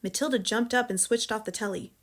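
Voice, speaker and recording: An American woman narrating a children's novel in a calm, measured storytelling voice. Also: a little high. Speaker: audiobook reader. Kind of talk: audiobook narration.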